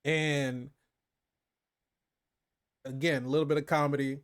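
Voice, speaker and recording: A man talking through a film recap in a casual chat, his voice sitting a touch high. He tells the story with energy, slipping into quoted lines and laughing as he goes. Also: level tone, measured pace, smooth. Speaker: movie review co-host.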